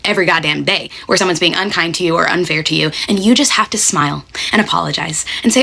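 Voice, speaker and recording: A young woman tells her story at a rapid clip, her voice bright and forceful. She is blunt and sweary, presses each point hard and keeps tossing in "okay?" as she goes. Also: fairly low pitch, expressive, creaky. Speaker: restaurant server telling a story. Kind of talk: casual storytelling rant.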